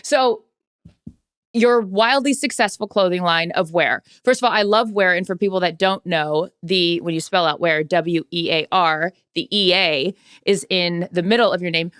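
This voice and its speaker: A woman's voice: on the low side, a bit bright, smooth, no echo, studio quality. A woman co-hosting a podcast in casual chat, teasing and playful with her co-host.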